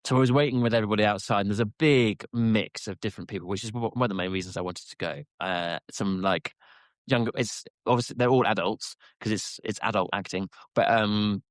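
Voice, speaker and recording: A man's voice: lowish voice, brisk, no echo. A man co-hosting a podcast, telling rambling casual stories full of fillers and restarts. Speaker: podcast co-host. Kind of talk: casual chat.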